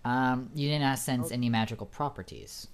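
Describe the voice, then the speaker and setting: A man's voice: medium pitch, normal speed, slight background noise. A man narrating as dungeon master in a tabletop game, hesitant and searching for words.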